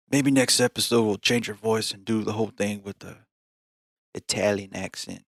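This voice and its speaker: Podcast co-host, male, lowish bright voice, jokey casual delivery, dry close sound. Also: steady tone, moderate pace, gravelly, no echo. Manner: jokey, slips into put-on accents. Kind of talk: casual chat.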